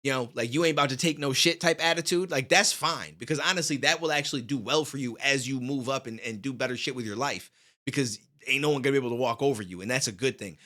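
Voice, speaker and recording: A man's voice: medium pitch, quick pace, pushed and bright. A man hosting a reaction video, chatting casually and with energy, full of slang, on a studio microphone. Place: home studio.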